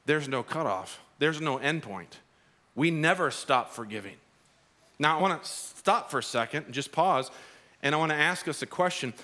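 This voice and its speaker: A man preaching a sermon as pastor, telling a parable in an animated, storytelling way in a church. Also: a little high. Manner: animated storytelling, acts out characters.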